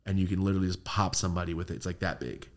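A man's voice: low voice, racing. Profane young man telling stories. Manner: profane, animated storytelling with laughs and put-on voices. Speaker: guest storyteller. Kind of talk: casual podcast chat.

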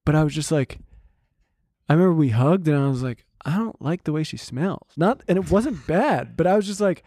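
A man's voice: fairly high pitch, animated, fairly quick, warm tone, no echo, clean studio sound. A man co-hosting a podcast, telling long dating stories in casual chat and acting out the lines of the people in them. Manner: rambling storyteller, acts out quotes. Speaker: podcast co-host.

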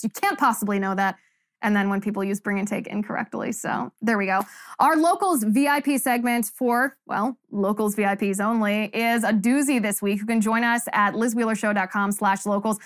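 A woman host with a somewhat high voice runs through listener replies, wry and incredulous. She talks casually and tosses in quick asides.

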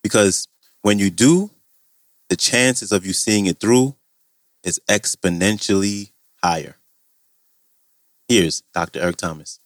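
Male podcast host, very low voice, dry close mic, earnest scripted intro. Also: a little slow, pauses often, dry recording.

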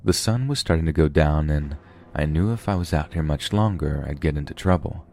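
Very deep-voiced man narrating horror stories. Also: fairly quick, darkish tone, a little hiss or hum. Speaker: podcast host and narrator. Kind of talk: scripted horror story narration.

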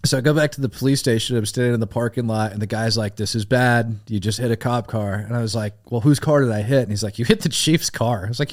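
A middle-aged man telling a wild story in casual podcast chat, animated and profane, laughing as he goes. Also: medium pitch, fast talker, few pauses. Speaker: podcast guest.

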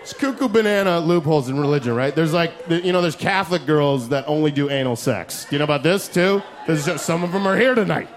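A man doing a stand-up set, brash and profane, shouting his punchlines on a handheld stage mic. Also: fairly high pitch, fast talker, hardly any pauses. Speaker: stand-up comedian. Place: comedy club stage. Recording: crowd laughter, noisy club. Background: laughing crowd.

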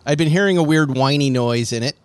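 A man's voice: a little high, fast, noisy background. A man co-hosting a casual talk show, telling stories and acting out the other people's lines as he goes. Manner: animated storyteller acting out quoted voices. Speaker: podcast co-host. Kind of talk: casual chat, storytelling.

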